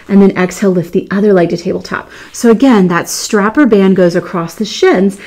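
A woman teaching a Pilates mat class, calmly cueing breaths and counts and praising often. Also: medium pitch. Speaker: Pilates instructor. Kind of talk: guided exercise class instruction.

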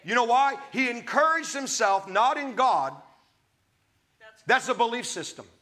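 Bright, high-pitched emphatic male preacher. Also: animated, a little slow. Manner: emphatic, conversational asides to the audience. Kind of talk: sermon with scripture reading.

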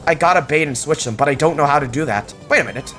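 A young man giving casual, jokey gameplay commentary, yelping excitedly when something surprises him. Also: fairly high pitch, fast, soft background music. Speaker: gaming channel host.

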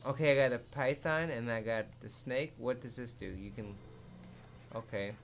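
A man giving live commentary over a zombie game, excitable and jumpy, swearing often and laughing at his own jokes. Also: medium pitch, normal speed, slight background noise. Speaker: gaming commentator.

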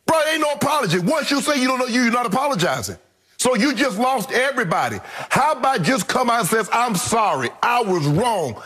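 A man with a raspy, high-sitting voice argues his case on a sports debate show. His pitch leaps up and down as he stresses and repeats his points with heat. He sounds middle-aged and fired up. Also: very animated, fast, sharp tone. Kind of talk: heated opinion commentary.

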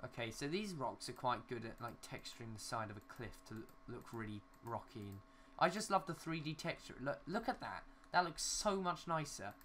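A man's voice: medium pitch, animated, moderate pace, few pauses, a bit bright, a little hiss or hum. A young man giving casual, rambling commentary while building in a city game, talking to himself and swearing mildly at glitches. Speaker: gaming YouTuber.

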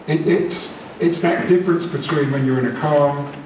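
A man gives a chatty, lively talk to a meeting room, his voice carrying through a very echoey space. He is caught from a distance, with clear background noise underneath. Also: fairly high pitch, moderate pace. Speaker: presenter.

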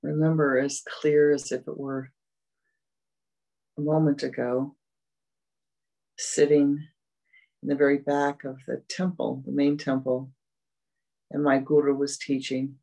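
Unhurried, breathy-voiced teacher for a gentle, repetitive meditation talk. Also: mid-range voice, little pitch movement, low-quality recording. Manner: slow, gentle and repetitive, fading to soft murmurs. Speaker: spiritual teacher.

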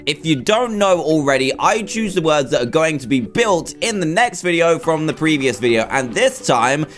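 A young English gaming YouTuber commentates his own gameplay, chatty and flustered as he talks himself through a build. His voice is fairly high and very animated at a moderate pace, with soft music in the background.

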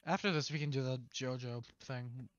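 A man's voice: mid-range voice, fairly even intonation, normal speed, fairly bright tone, dry recording, muffled recording. A young man playing games with a friend on a livestream, talking bluntly and swearing a lot. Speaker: co-player on stream. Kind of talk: casual gaming chat.

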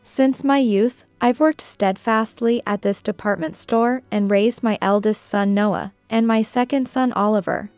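A woman reading a scripted first-person story in a measured, even way. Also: mid-range voice, clear, resonant tone, dry recording. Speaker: narrator.

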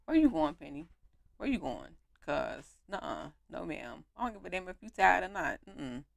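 A young woman giving animated, slangy commentary while playing a life-sim game on her home mic. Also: on the low side, moderate pace, vocal fry, no room sound. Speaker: gaming YouTuber. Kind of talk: let's play commentary.

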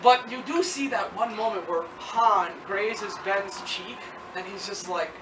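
A movie reviewer talking casually and excitably, rambling with lots of "like" and acting out quotes. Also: mid-range voice, measured pace, distant mic. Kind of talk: casual film review chat. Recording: echoey room from off-mic with noise.

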